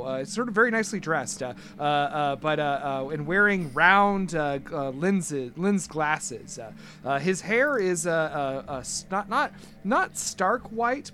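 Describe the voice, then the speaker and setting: A male game master describes the scene for his players in a bright, slightly raised voice. He halts often, filling gaps with stray fillers, and a faint ambience sits under the recording. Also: fairly high pitch, slight background noise. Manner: halting, with many filler sounds. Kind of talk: narrating a tabletop game.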